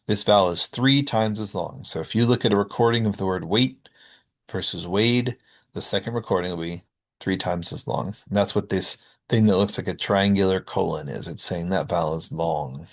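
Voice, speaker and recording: Low-voiced male linguistics lecturer. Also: normal speed. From North America. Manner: explanatory, with frequent ums and uhs. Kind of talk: recorded lecture.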